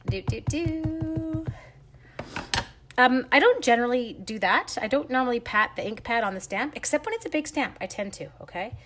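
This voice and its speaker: A woman's voice: on the high side, lively intonation, fast talker, hardly any pauses, a bit bright. Giggly woman chatting through a stamping demo. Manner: giggly, self-teasing, greets viewers by name as she works. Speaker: stamping demonstrator hosting a live stream. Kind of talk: chatty live crafting demo.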